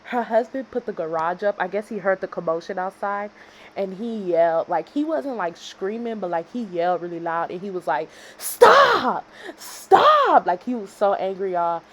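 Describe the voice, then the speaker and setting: A woman in her twenties from Houston, Texas, telling a casual storytime vlog in a dramatic way that swings from loud reenactment to quiet asides. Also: on the low side, brisk, a little hiss or hum. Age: 20s. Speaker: storytime vlogger.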